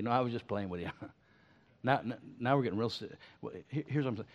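An older man preaching a sermon to his church in a folksy, animated way, full of stammered restarts. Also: mid-range voice, fast. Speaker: pastor. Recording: slightly muffled sermon recording.

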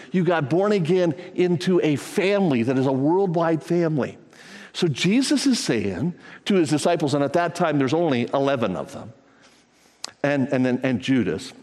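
A man's voice: fairly high pitch, a little mellow. Man preaching in a reverberant church. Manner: conversational preaching, rising to fervent emphasis. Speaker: pastor. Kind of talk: sermon.

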